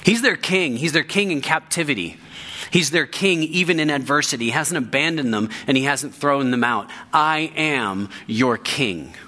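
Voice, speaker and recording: A pastor delivering a sermon, his voice bright and forceful. He preaches with emphasis, often repeating key phrases to drive each point home. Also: a little high, moderate pace.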